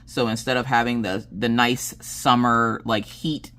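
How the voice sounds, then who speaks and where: A woman chatting casually on her craft channel, telling animated stories and laughing as she goes. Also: measured pace. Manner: animated, acts out quoted dialogue with big pitch jumps. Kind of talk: casual chat storytelling.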